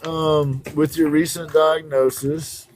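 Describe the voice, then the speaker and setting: A man hosting an interview, asking gentle and hesitant questions. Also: fairly high pitch, level tone, takes it slowly. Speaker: host. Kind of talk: casual interview.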